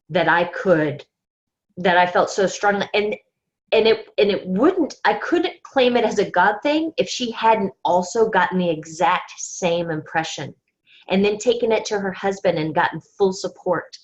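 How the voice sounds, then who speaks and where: A woman's voice: lowish voice, normal speed. Earnest woman on a lo-fi call. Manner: earnest, faith-driven, storytelling with quoted asides. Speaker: team leader. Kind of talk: team call recap. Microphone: conference call.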